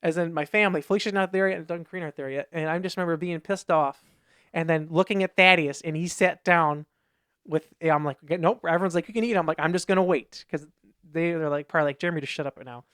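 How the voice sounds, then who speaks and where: This man's voice is a little high, fairly bright, clear, and resonant, and he talks at a quick pace. Co-hosting a casual podcast, he rambles through anecdotes, raising his voice to act out what others said. It's a clean studio recording with no room sound.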